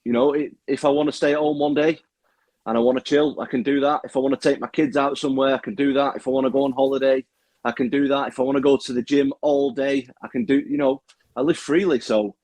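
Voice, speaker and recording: Young manchester guy, casual interview, swears a lot, keeps restarting, mid pitch. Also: steady tone, fast, darkish tone, no echo. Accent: Manchester English. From Manchester, England. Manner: candid, swears freely, many restarts. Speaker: guest fighter.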